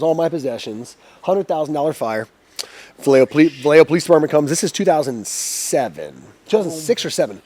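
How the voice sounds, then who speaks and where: A man in his forties telling a long, profane story as a podcast guest, energetic and swearing freely. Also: on the high side. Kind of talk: casual storytelling.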